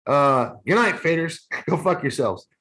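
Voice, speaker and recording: A man with a husky, fairly high voice co-hosts a drinking podcast. His delivery swings up and down as he cracks crude, offhand jokes. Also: lively intonation, measured pace, sharp tone. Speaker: podcast co-host. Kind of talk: casual drinking podcast chat.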